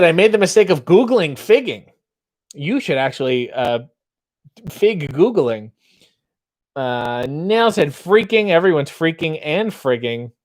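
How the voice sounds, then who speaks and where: A man's voice: medium pitch, no room sound. A man hosting a casual livestream, reading bawdy limericks in a mock-theatrical voice and dropping into dry asides while reading chat.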